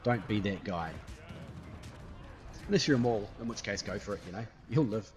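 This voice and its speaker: A man talks through his gameplay as it happens, chatty and playful, tossing in little sound effects. His pitch swings widely and his delivery stays lively. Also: moderate pace, soft background music. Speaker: gaming YouTuber. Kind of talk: live gameplay commentary.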